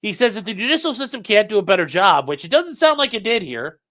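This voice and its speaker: A man's voice: high voice, big pitch swings, quick pace, a bit bright. A man giving casual, profane commentary as a show host, acting out quoted dialogue as he retells a police encounter.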